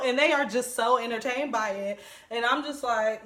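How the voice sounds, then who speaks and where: Her voice sits a little high as she chats through the recap, blunt and unfiltered, with plenty of swearing and quick asides. The sound has a noticeable echo, like a bare room. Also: a bit bright, a little hiss or hum. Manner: blunt, profane, chatty, laughs often. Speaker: reality TV recap vlogger. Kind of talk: casual show recap commentary.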